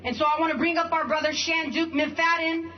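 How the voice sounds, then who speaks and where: A woman's voice: extremely high pitch, steady tone, a little fast, slight background noise. A woman organizing a protest, earnestly introducing the next speaker to the crowd. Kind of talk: rally introduction. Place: outdoor protest rally. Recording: lo-fi livestream.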